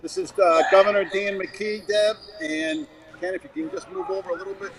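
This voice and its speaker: Rhode Island man, fairly high voice, brisk intros, crowd loud behind him. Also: fairly even intonation, poor audio. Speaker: event organizer. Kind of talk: casual chat.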